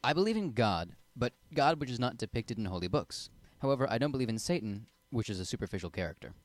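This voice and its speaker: A man's voice: medium pitch, very animated, quick pace, no echo. A young man on a teen panel show, reasoning aloud with rhetorical questions. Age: teens. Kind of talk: casual panel talk.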